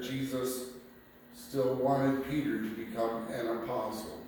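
Slow deliberate guy preaching, sounds far from the mic in a big echoey room, a little background hum. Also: mid-range voice, a little mellow. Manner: slow, deliberate preaching, reading scripture aloud. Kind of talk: sermon. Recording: echoey room picked up from a distance.

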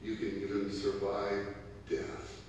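A man's voice: on the low side, monotone, slow pace, darkish tone, slight background noise. A man preaching a sermon, with emphatic, repetitive phrasing that builds in force. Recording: echoey hall from far off.

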